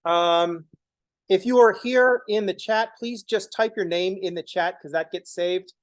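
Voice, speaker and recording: A man's voice: sits high, a little slow, rough recording. Blunt, joking man teaching a math class. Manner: blunt, swears casually, jokey asides. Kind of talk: casual classroom lecture. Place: classroom, also streamed online.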